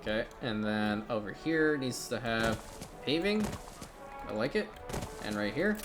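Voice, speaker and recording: A man giving casual, chatty commentary over a city-building game, turning gleeful and loud when something delights him. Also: on the low side, moderate pace, over music. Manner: chatty, excitable, bursts into gleeful shouting. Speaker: gaming YouTuber.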